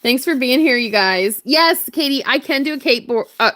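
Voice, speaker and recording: Bubbly high-voiced woman hosting a livestream. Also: expressive, normal speed, pushed and bright. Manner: bubbly, giggly, greeting viewers by name. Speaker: crafting livestream host. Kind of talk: casual live-stream chat.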